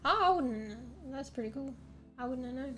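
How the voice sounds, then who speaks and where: Australian woman streamer, young, rambling and swearing, slightly high, close mic. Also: lively intonation, moderate pace, a bit bright. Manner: rambling, swears casually, laughs often. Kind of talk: casual livestream chat. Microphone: new desk microphone, close.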